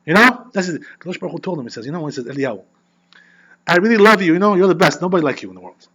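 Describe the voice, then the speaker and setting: A man who is a rabbi teaching an informal Torah class, animated and constantly checking in with "you know" and "right?". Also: a little high, racing.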